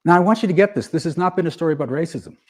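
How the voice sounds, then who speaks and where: Husky animated man giving a motivational talk. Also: on the high side, racing. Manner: storytelling, animated, acts out both sides of dialogues. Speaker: speaker. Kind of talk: motivational talk to a live audience.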